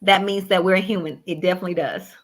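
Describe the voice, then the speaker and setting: A woman presenting on caregiving during a livestream over a call, earnest and repeating herself as she goes. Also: fairly low pitch. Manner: slow, earnest, repeats words. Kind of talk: encouraging talk on a livestream.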